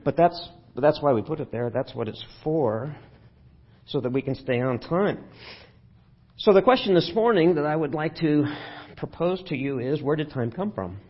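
A man's voice: on the high side, lively intonation, normal speed, slightly rough, highs cut off. A man preaching a sermon in a church sanctuary, talking conversationally and putting questions to the congregation. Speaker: pastor.

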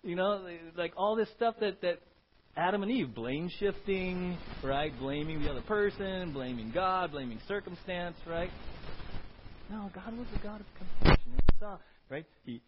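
A male pastor preaching a sermon in an animated way, often checking in with "right?", in a dull lo-fi recording. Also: sits high, normal speed, a little hiss or hum. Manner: animated, keeps asking "right?".

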